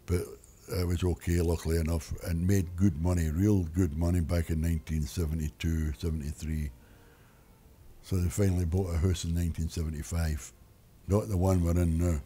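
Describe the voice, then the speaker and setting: A man's voice: sits low, flat delivery, moderate pace, warm tone, husky. An older retired man rambling through a personal story, wry and full of restarts. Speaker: interviewee.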